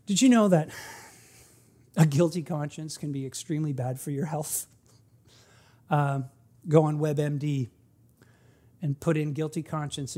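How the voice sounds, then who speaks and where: A man preaching a sermon as pastor, speaking conversationally and swinging between quiet asides and loud, emphatic peaks. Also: a little high.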